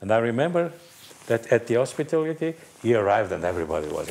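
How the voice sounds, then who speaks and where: A man's voice: medium pitch, very animated, fast talker, gravelly, a little mellow, a little hiss or hum. A middle-aged man, a team manager, telling stories in a casual panel chat, acting out the people he quotes and laughing often.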